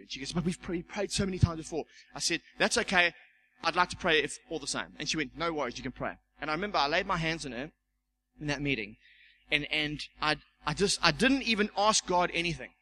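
A church elder preaching with a high, bright voice, acting out the people in his story. He repeats words as he builds up, with a faint hiss under the recording. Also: poor audio. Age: young adult. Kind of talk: sermon with personal testimony.

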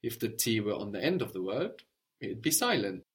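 A male teacher giving a spoken language lesson. He explains pronunciation patiently and steadily, pausing to quiz his student with short questions. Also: fairly low pitch, sing-song, fairly bright tone.

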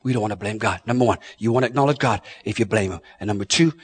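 A man preaching a sermon with passion, swinging from shouts down to hushed tones and often repeating his words. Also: lowish voice, rapid-fire, slightly rough, no room sound. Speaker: pastor.

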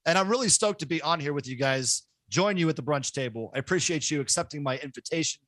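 A man hosting a casual podcast chat, loud and excitable, joking at his own expense into his microphone. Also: a little high, quick pace, no room sound. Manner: loud, excitable, self-mocking. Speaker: podcast host. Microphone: home podcast microphone.

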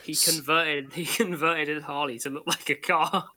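A man co-hosting a podcast, throwing in quick wisecracks during casual chat. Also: on the high side, fairly even intonation, sharp tone, dry recording, studio quality. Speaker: podcast co-host.

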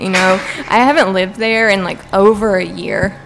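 A woman's voice: medium pitch, steady tone, normal speed, vocal fry, noisy background. Woman in her twenties, from North Carolina, guest, easygoing, casual chat. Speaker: podcast guest.

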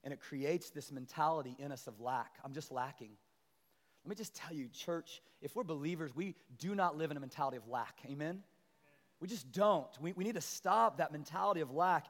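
A male pastor preaching a sermon to his church, animated and building to loud, emphatic peaks as he calls out to the congregation. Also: on the high side, fairly quick. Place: large church sanctuary. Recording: long church hall reverb.

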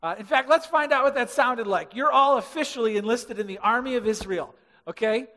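A man preaching a sermon to a congregation, animated, acting out quoted voices and swinging from loud to hushed. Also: very high voice, brisk, long reverb tail. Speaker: pastor. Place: large church hall.

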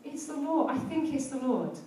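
Her high, warm voice is very animated and moves at normal speed as she preaches a sermon and prayer in a church hall. She tells stories conversationally, then rises to fervent exhortation, heard from afar in a very echoey room with some hiss or hum.

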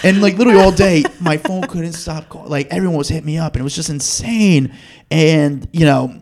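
A man who is a guest on a podcast tells a story in casual chat, lively and acting out the people in it. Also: a little high, brisk. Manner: animated, acts out the people in his story. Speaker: podcast guest, TV news producer.

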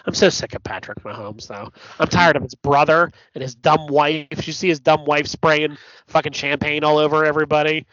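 A man co-hosting a podcast, chatting casually about sports, blunt and profane, telling stories with animated asides. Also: fairly high pitch, brisk, no room sound. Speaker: podcast co-host. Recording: dull lo-fi podcast audio, dry.

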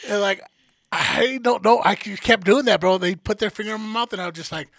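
A man's voice: sits high, quick pace, dry recording. A man co-hosting a podcast, telling a story in casual, profane chat and acting out what people said. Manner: animated, profane, acts out quotes. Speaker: podcast co-host.

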